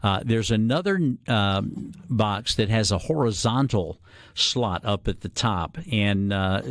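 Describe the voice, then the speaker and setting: A man hosting a call-in radio show, explaining things in an unhurried way with frequent "uh" fillers. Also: on the low side, no echo, studio quality. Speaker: radio guest host. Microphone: studio microphone.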